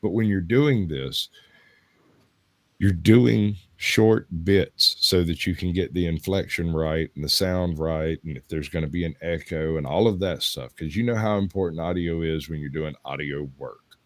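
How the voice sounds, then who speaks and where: Deep-voiced Southern US man, chatty. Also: moderate pace, no echo. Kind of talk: casual chat.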